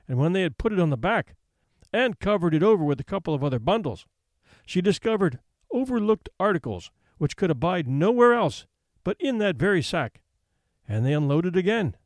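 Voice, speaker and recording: A man reading an audiobook with a measured, expressive storytelling manner. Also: on the high side, no room sound, clean studio sound. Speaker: narrator.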